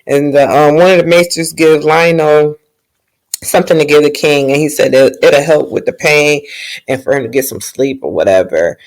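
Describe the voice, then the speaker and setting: A woman's voice: deep voice, moderate pace. A woman casually recapping a TV episode in a slangy, joking way with plenty of swearing. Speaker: TV show recapper.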